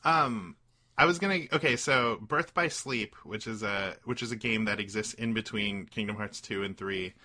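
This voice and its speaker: A man whose low voice has a very bright, sharp edge. He chats casually on a podcast, talkative but hesitant, often pausing on ums and restarting his thoughts.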